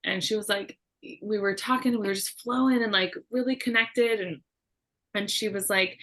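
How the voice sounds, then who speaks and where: A woman's voice: mid-range voice, moderate pace, a bit bright. A woman chiropractor chatting with colleagues, telling embarrassing stories with self-mocking laughter. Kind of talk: casual storytelling among colleagues.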